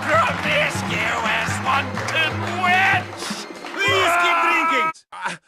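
Shrieking hysterical ranter, very high, slow, loud music behind. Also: male voice, wildly swooping pitch, a loud crowd, exaggerated voice. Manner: shrieking, theatrical insults. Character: hysterical ranting man cursing wildly. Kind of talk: video game character dialogue.

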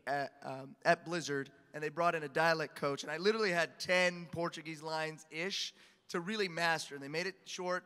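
A man on a convention panel, telling animated stories and laughing often as he answers questions. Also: a little high. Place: large convention hall. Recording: echoey hall reverb.

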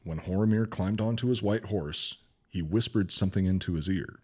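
A man's voice: deep voice, moderate pace, darkish tone, breathy edge. A man co-hosting a podcast, reading a legend aloud in a casual way and breaking off to joke and swear. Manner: retells a legend, joking and swearing between passages. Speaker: podcast co-host.

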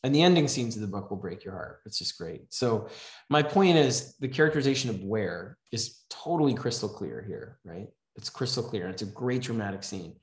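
A man's voice: lowish voice, expressive, moderate pace. Chatty man teaching a writing class. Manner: conversational, often adds "right?". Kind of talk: casual classroom lecture. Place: class in a house. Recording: echoey room.

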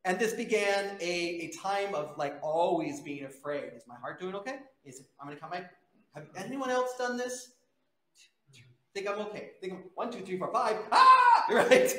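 A man with a notably high speaking voice delivers a sermon as pastor in a relaxed, conversational way, often putting questions to the people in front of him. He is heard in a church sanctuary, and the room adds a clear, echoing ring to his words. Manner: conversational, asks the congregation questions.

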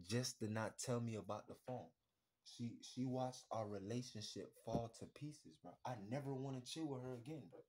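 A husky-voiced man hosts a podcast in a casual rant, blunt and crude, repeating himself. His voice sits in an ordinary middle pitch and drops to a mutter before bursting out loud. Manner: swings between muttering and loud outbursts. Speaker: podcast host.

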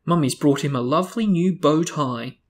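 A man's voice: fairly high pitch, moderate pace, voice pushed up, lightly acted. A man reading aloud and voicing a prim, nosy suburban aunt who fusses over her son, close to his own voice. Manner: fussy, doting.

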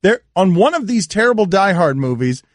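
A man's voice: high-pitched, very animated, fairly quick, no room sound, studio quality. A man hosting a sports radio show, teasing and incredulous in casual banter.

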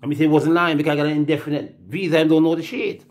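A man's voice: fairly high pitch, fairly even intonation, very fast. A man with a Jamaican accent, telling rambling, profane stories in casual talk and acting out the voices he quotes.

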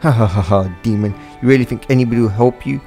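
A man's voice: mid-range voice, fast, dark tone, faint music behind, natural voice. A man voicing a spoiled, cruel teenage girl who jeers and laughs mockingly for a fan storybook reading. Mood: gloating. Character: spoiled bratty teen girl, gloating and cruel.

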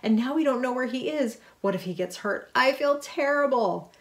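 A woman doing a fretful, excitable young girl. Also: sits high, voice pushed up, lightly acted. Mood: worried. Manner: fretful, quick to worry.

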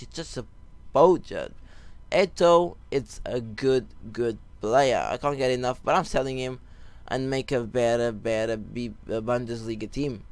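A young man telling a rambling story while giving casual commentary over a football video game, breaking off for excited goal calls. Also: medium pitch. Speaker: gaming YouTuber.

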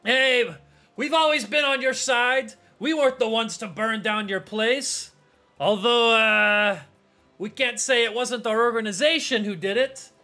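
A man's voice: on the high side, very animated, a little fast, fairly bright tone, faint music behind. A man voicing menacing male street gang thugs who taunt and threaten.

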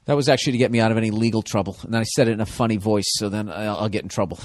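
A middle-aged man hosting a podcast, delivering a profane, sardonic comedic rant that swings from low mutters to loud outbursts into a close microphone. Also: fairly even intonation, racing, no room sound. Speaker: podcast host.

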